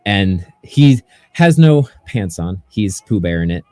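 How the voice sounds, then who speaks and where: A man with a low, mellow voice narrates a tabletop game as its game master. He talks in a relaxed way, dotted with fillers, and his pitch moves a lot. The recording is dry, with faint music underneath. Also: slow, no room sound.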